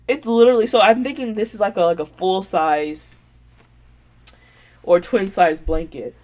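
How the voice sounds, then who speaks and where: A woman hosting her podcast in casual show-and-tell chat, gushing and sentimental, with lots of filler words. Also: mid-range voice. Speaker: podcast host.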